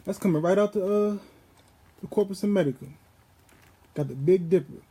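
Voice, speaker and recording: High-voiced man preaching casually. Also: mellow, slightly rough. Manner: preachy, profane, street-casual, emphatic; reads scripture aloud slowly and deliberately. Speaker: vlogger. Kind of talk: rambling spiritual monologue.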